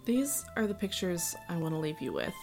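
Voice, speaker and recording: A woman's voice: lowish voice, sing-song, fairly quick, darkish tone. A woman running a tabletop game as game master, narrating scenes in a casual, laid-back way. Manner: casual, laughs easily, vivid scene narration. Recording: roomy echo with faint music.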